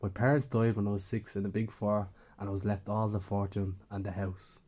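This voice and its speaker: A man's voice: fairly low pitch, level tone, a little fast, warm tone. A man narrating a first-person horror story in a plain, conversational way.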